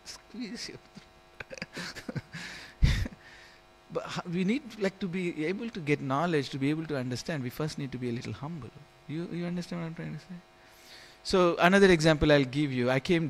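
A man's voice: fairly high pitch, normal speed, slight background noise. A man teaching a scripture class in a temple hall, telling stories and often asking if listeners understand. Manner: storytelling, keeps asking "you understand?", chuckles.

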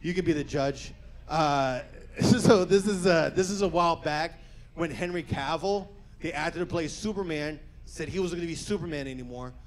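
Performing stand-up before a live crowd, this man's voice sits on the high side. He's energetic and foul-mouthed, darting in and out of quick character voices.

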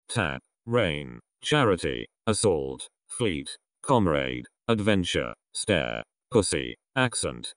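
A man reading a vocabulary list aloud, one word at a time with pauses between. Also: deep voice, dry recording, clean studio sound. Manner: isolated words with pauses between.

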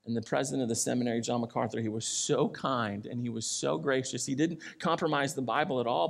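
A male pastor preaching a sermon, moving between loud pleading and quiet, earnest lines. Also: mid-range voice.

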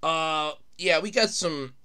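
A young man hosting a solo podcast, chatting casually, excitable, often laughing and shouting. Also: a little high, slow pace, smooth. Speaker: podcast host.

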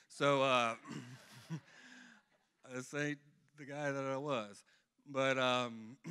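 A man's voice: mid-range voice, a bit bright. A middle-aged man giving a rambling, earnest personal testimony to a church congregation. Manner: earnest, rambling storytelling with restarts.

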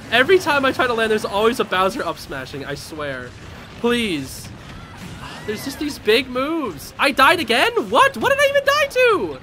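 A young man streaming a fighting game, reacting loudly with yelps, laughs and slangy trash talk. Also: very high-pitched, very animated, unhurried, background noise. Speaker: gaming streamer. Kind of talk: live gameplay commentary.

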